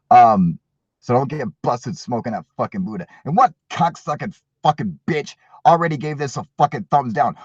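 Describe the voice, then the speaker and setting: A man's voice: mid-range voice, no echo. Man, livestream host, swears constantly, jokey, dry dull sound. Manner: crude, profane, jokey. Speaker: channel host. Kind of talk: casual livestream chat. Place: at work.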